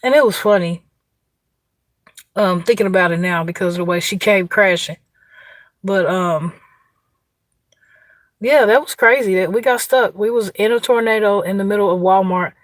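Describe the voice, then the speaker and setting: A woman's voice: mid-range voice, moderate pace, long pauses, no echo. A woman with an Indiana accent telling a story casually on an outdoor livestream, chatty, laughing and greeting viewers by name. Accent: Indiana, US Midwest. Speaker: livestream host.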